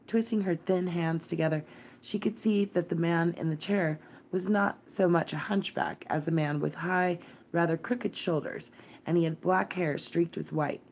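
Low voiced lady reading a storybook aloud at bedtime, gentle and steady. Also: slight background noise. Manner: gentle, measured storybook narration. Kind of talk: bedtime read-aloud of a classic novel.

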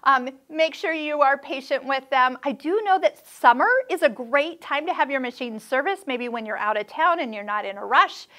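A middle-aged woman talks through sewing machine tips in a relaxed, chatty vlog manner. Her voice sits high, and she slips in playful, reassuring asides as she goes. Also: moderate pace, few pauses. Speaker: sewing channel host. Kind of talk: casual instructional vlog.

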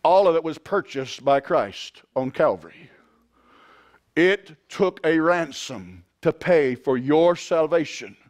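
A man preaching a sermon as pastor, swinging from quiet, drawn-out lines to loud shouted climaxes. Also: on the high side, animated. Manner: impassioned preaching, rising to shouts.

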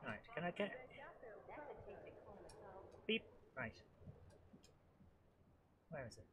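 A woman with a head cold, hosting a live let's-play and chatting excitably to the game, often laughing. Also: low-pitched, very slow, pauses often, slight background noise. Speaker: host of a retro gaming channel.

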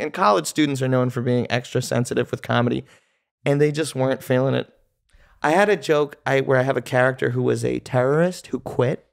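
A male comedian telling stories as a guest on a casual podcast, with an animated, storytelling manner. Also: medium pitch, creaky.

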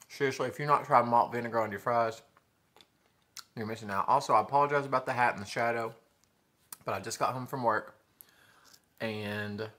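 A man's voice: medium pitch, bright, forceful tone. A man, chatting casually to camera while he eats in a home eating show. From Tennessee. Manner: chatty, talks while eating, drawling "y'all". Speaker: mukbang vlogger.

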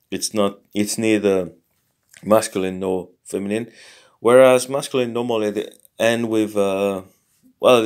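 A man teaching a casual lesson, thinking aloud in a halting way and sounding out foreign words slowly. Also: lowish voice, a little mellow. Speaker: language learner teaching a lesson. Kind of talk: casual screen-recorded lesson.

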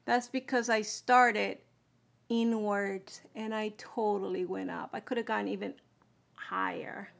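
A woman's voice: medium pitch, steady tone, unhurried, creaky. A woman chatting casually through a makeup tutorial, explaining each step as she applies it. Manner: chatty, explaining steps while applying makeup. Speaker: beauty vlogger.

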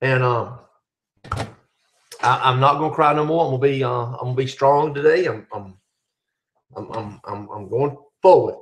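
A man's voice: medium pitch, normal speed, pauses often. A middle-aged man hosting a casual live chat, reading out viewer questions and answering them. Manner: reads viewer questions aloud, chatty.

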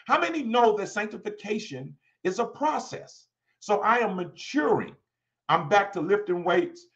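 A man's voice: high-pitched, moderate pace, dull audio. A man in his forties teaching from the Bible to his congregation, loose and conversational, often checking in with "all right?". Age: 40s. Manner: lively, talks to the congregation, repeats "all right?". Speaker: pastor. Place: church.

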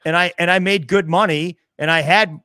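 Man, fifties, from the midwest, lively storyteller, slightly high voice, dry close sound. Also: moderate pace, no echo. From American Midwest. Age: 50s. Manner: animated storyteller who acts out dialogue. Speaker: stand-up comedian, guest. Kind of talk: casual podcast chat, storytelling.

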